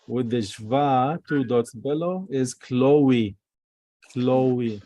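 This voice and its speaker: A man's voice: mid-range voice, very slow, warm tone. A man teaching a Hebrew class over a video call, patiently spelling out letters and vowels.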